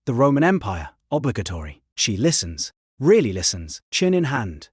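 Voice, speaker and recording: A man's voice: medium pitch, very animated, moderate pace, a little mellow, breathy edge, no echo, clean studio sound. A man reading a first-person story aloud in terse, clipped sentences. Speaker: story narrator. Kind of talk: scripted first-person narration.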